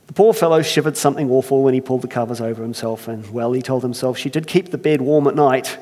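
A male pastor at a mid-pitched, ordinary level gives a sermon and reads a story aloud. He is conversational and self-deprecating and slows down for the storytelling. The voice carries a long reverb from a church hall. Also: a little mellow.

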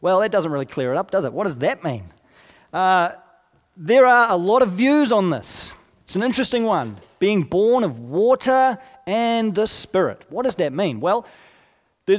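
A man preaching a sermon in a conversational, explanatory way, with asides and rhetorical questions. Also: high voice. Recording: long hall reverb.

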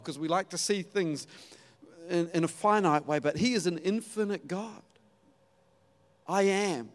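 A man preaching a sermon, telling the story in a lively way and acting out the quotes. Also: a little high. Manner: animated storytelling with acted-out quotes and laughs.

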